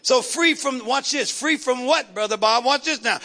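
A man's voice: very high voice, moderate pace, hardly any pauses, sharp tone. A man preaching a sermon, calling out to the congregation and building up rhythmic repeated lines. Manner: call-and-response preaching, rhythmic repetition. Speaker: pastor.

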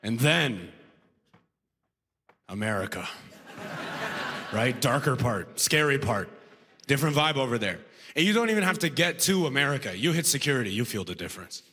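A man's voice: mid-range voice, very animated, normal speed, pauses often, pushed and bright, big-room sound. A man from Alberta performing a stand-up comedy set on a festival stage, talking conversationally and tossing in frequent "right?" asides. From Alberta, Canada. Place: comedy festival stage before a live audience.

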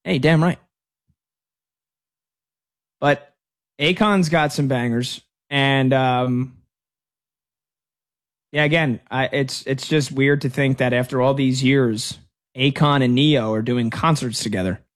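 A man's voice: medium pitch, unhurried. A man in his thirties hosting a sports talk radio show, chatting casually and rambling through stories with restarts. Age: 30s. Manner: rambling, storytelling with many restarts.

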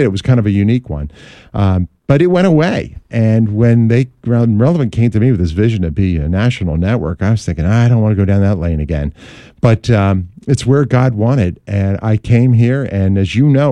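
A man's voice: on the low side, no room sound. A middle-aged man, a Catholic radio host, telling a story in a casual interview and acting out the voices in it. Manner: animated anecdotal storyteller, acts out quotes.

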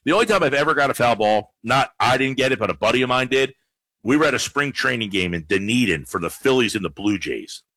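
A man hosting a call-in sports radio show, talking with callers and listeners in an animated way. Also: medium pitch, no echo. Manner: lively, animated, quick play-by-play bits. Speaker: radio sports talk host.

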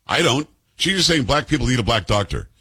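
A combative man in his fifties delivers political commentary, peppering his points with sarcastic rhetorical questions. His pitch swings widely and his voice has a husky grain. The recording is close and dry, with no room sound. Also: very animated, brisk, pushed and bright, dry recording. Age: 50s. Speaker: commentary show host.

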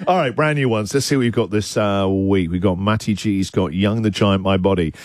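A man's voice: fairly low pitch, moderate pace, a little mellow. A middle-aged man hosting a casual breakfast radio show, joking and laughing often. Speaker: radio host. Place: radio studio.

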